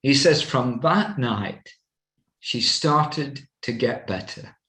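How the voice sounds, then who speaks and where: An older man giving a personal testimony as an evangelist, slow and halting, with many fillers. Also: mid-range voice, sharp tone. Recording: roomy echo.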